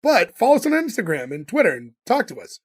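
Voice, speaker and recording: Upbeat high-voiced man hosting a podcast. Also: huge pitch swings, fast talker, slightly rough. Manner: upbeat, announcer-like intros. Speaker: podcast host. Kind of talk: casual podcast chat.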